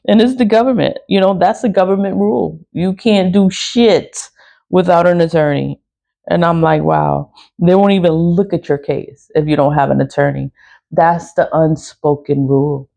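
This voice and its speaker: A woman's voice: deep voice, warm tone. A woman venting in a casual vlog, ranting and swearing, breaking into laughs between outbursts. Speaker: spiritual practitioner.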